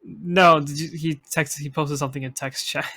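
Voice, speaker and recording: A man's voice: fairly high pitch, steady tone, normal speed, bright, forceful tone, husky. A young man co-hosting a podcast, telling rambling stories in casual chat, swearing freely and laughing often. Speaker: podcast co-host.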